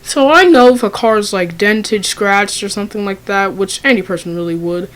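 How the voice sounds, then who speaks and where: A young woman tells a story in a loose, casual way, swearing freely and filling gaps with ums and likes. Her voice sits at an ordinary middle pitch. She talks like she is chatting with friends. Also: normal speed, a bit bright, poor audio. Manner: casual, profane, many fillers. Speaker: vlogger.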